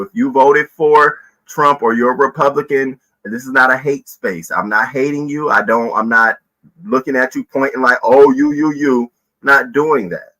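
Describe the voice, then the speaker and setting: A man's voice: mid-range voice, pushed and bright, low-quality recording. A man hosting a casual livestream news commentary, chatting loosely, greeting viewers by name and often repeating himself. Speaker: host of a live news commentary stream.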